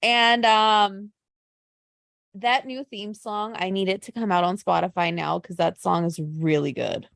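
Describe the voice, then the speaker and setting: A woman co-hosting a casual chat podcast, talking at a middle pitch. She tells stories in a gushing, animated way. The recording is dry and close, with no room sound. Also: unhurried, gravelly, no room sound. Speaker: podcast co-host.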